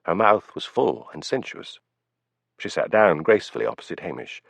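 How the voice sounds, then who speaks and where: Low-voiced male audiobook narrator. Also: very animated, normal speed, vocal fry, fairly bright tone, dry recording. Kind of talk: scripted narration. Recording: dull lo-fi, dry.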